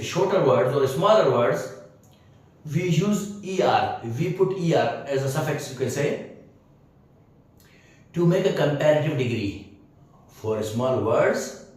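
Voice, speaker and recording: A man's voice: mid-range voice, a little mellow. Man, grammar teacher, hesitant, repeats himself, spells letters out, very echoey room, far from mic. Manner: repeats phrases, spells letters out, checks "understood?"; hesitant, many fillers. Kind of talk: spoken grammar lesson.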